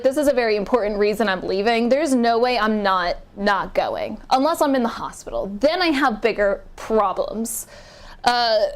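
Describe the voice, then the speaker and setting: Animated, cursing young woman telling a story. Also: a little high. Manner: animated, swearing, laughing storyteller. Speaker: vlogger. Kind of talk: casual storytime chat.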